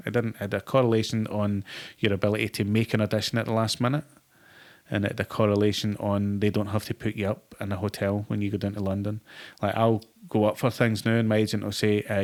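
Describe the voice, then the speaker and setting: A middle-aged Glaswegian man in a casual interview, an actor who tells stories full of swearing and acted-out quotes. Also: lowish voice. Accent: Glasgow. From Scotland. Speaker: actor guest.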